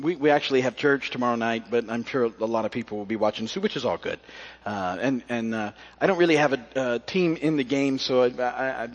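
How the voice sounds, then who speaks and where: A man preaching a sermon as pastor, telling a story in a folksy way with many fillers and restarts before reading scripture. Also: medium pitch. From South Florida. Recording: muffled recording with long hall reverb.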